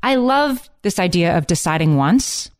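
A woman co-hosting a podcast, chatty and upbeat as she shares everyday tips with enthusiasm. Her voice is fairly low. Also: animated, moderate pace, clean tone. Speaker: podcast co-host. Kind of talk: casual chat.

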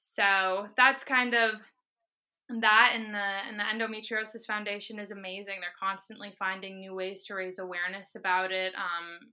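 A young adult woman talking as a podcast guest, telling her story in a lively, laughing way. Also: medium pitch, normal speed. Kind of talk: casual interview chat.

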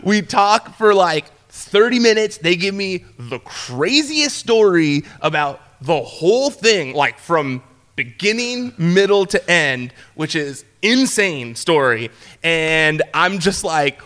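A young man telling a wild story in a relaxed chat, his voice bright and sitting a bit high for a man. He stumbles through restarts and fillers and jumps up in pitch whenever he acts out what someone said. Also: a little slow. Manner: animated storyteller, acts out quotes in a higher voice, many fillers and restarts. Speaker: podcast guest, former entertainment reporter.

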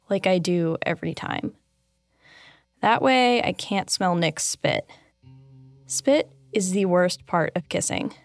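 A woman with a mid-range voice and a gravelly, creaky edge narrates her own memoir in the first person. Her delivery is candid, dry and deadpan, with soft guitar playing faintly underneath. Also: mid-range voice, no room sound.

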